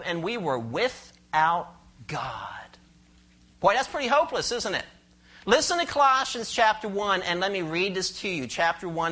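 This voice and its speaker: A pastor preaching a sermon, expressive and questioning the congregation, explaining scripture verse by verse. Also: mid-range voice. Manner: explains Greek words and cites verses.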